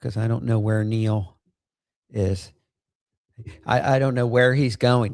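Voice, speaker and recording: Gravelly-voiced man rambling on a livestream. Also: mid-range voice, steady tone, takes it slowly, pauses often, darkish tone, no echo, clean studio sound. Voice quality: gravelly, creaky. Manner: rambling with many fillers and laughs. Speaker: livestream host. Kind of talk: casual rambling livestream chat.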